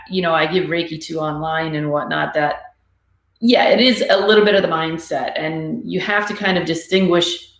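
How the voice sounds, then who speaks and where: Gravelly low-voiced woman host, echoey room. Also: a bit bright. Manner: thoughtful, halting, many restarts. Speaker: talk show host and Reiki practitioner. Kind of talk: conversational interview.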